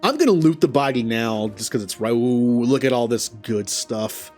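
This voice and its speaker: A man's voice: mid-range voice, expressive, normal speed, a little mellow, faint music behind. A man hosting a let's play, thinking aloud about his moves with chuckles and self-deprecating remarks. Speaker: gaming channel host.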